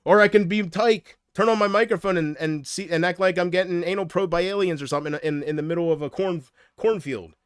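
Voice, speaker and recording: A man's voice: sits high, fast, hardly any pauses, clean tone, dry recording, clean studio sound. A man chatting casually on a livestream, rambling from thought to thought and often trailing off.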